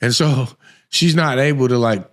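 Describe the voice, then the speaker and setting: A man's voice: medium pitch, normal speed. A man, hosting a podcast and telling stories in a casual, rambling way with lots of restarts. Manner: rambling, animated storytelling with many restarts. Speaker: podcast host. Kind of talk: casual conversation.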